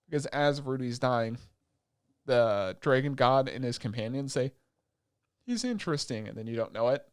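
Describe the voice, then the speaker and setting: A man's voice: mid-range voice, fairly even intonation, normal speed, clean tone, no echo, clean studio sound. A man co-hosting a podcast, casually recapping an anime with lots of swearing, acting out the characters' lines as he goes. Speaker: podcast co-host.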